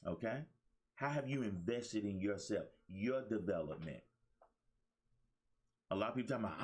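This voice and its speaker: A man's voice: on the low side, animated, moderate pace, long pauses, darkish tone. A man hosting his own motivational talk show, preaching to listeners with repeated phrases. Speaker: life coach and show host.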